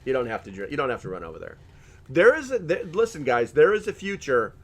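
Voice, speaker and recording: A middle-aged man in easygoing live-stream chat, joking his way through viewer comments and laughing often. His voice sits at an ordinary middle pitch. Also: wildly swooping pitch, quick pace, fairly bright tone.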